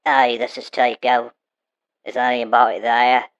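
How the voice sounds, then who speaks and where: A man's voice: medium pitch, completely flat delivery, a little slow, fairly bright tone, clean tone, voice pushed up, close to an everyday voice. Brief: rude Aussie talking dog, male, says mate a lot, dull phone-line sound, a man doing the voice. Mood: friendly. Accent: put-on Australian. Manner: rude, slangy, calls listener mate. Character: crude beer-drinking Australian talking dog, male.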